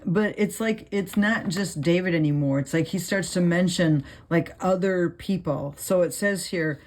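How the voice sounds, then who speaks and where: Relaxed woman teaching a casual Bible study. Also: on the low side. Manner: thinks aloud with many fillers while writing notes; reads verses aloud, then explains them plainly. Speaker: Bible study channel host.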